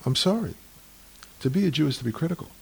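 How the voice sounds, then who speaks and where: A man talking in a lively, argumentative way about tradition, acting out the voices in the stories he tells. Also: a little high, fast, creaky, breathy edge. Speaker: speaker on Jewish tradition. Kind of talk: animated conversational storytelling.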